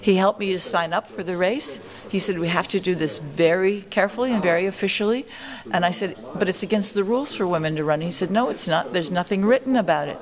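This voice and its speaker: A woman's voice: lowish voice, quick pace, hardly any pauses, a crowd in the background. Older woman telling a spirited story. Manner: animated storyteller acting out quoted voices. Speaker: interviewee, marathon pioneer. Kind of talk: storytelling interview answers.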